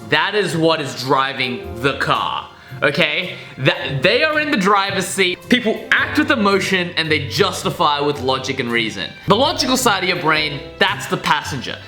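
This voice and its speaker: Animated young man in echoey room. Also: moderate pace, soft background music. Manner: animated, acts out inner voices with big pitch swings. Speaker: vlogger. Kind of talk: casual vlog monologue. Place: his apartment.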